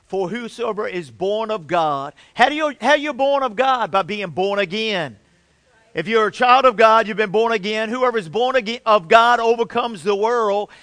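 Middle-aged man, pastor preaching, high voice, dry close sound, emphatic. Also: a bit bright, no echo. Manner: preaching with rising emphasis, calls for amens. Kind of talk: sermon.

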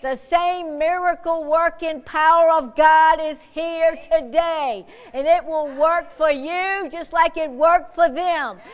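A woman pastor preaching fervently, swinging from loud exclamations to hushed prayer. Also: very high voice, steady tone, slow pace, hardly any pauses, dull audio. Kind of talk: sermon.

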